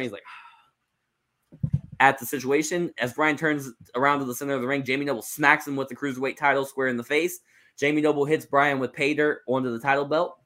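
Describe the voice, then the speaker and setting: A man's voice: mid-range voice, fairly bright tone. A young man hosting a podcast, casually narrating a wrestling storyline with loose, joking asides. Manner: loose, joking, swears and restarts. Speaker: podcast host.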